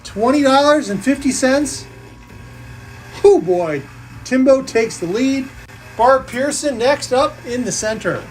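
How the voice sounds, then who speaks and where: A woman's voice: high voice, animated, slow pace, darkish tone, slight background noise, rough recording. A woman hosting a live coin-pusher game stream, calling plays and tallying scores in a playful, jokey way. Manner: playful, jokey, counting totals aloud. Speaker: live game show host. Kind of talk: live-stream play-by-play commentary.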